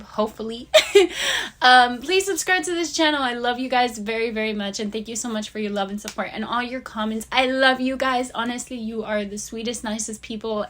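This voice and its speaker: Earnest woman vlogger with a higher voice. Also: fairly bright tone. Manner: earnest, encouraging, chatty. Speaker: YouTube vlogger. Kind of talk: casual motivational vlog talk.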